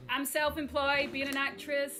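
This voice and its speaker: Sassy young woman over loud music. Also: high voice, little pitch movement, normal speed. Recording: loud music bed behind the voice.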